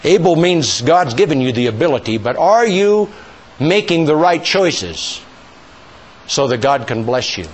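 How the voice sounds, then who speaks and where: A male preacher delivering a sermon in a fairly high voice that swings widely in pitch. He speaks emphatically, pushing up toward near-shouts, and leads call-and-response with the congregation. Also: very animated, unhurried, husky.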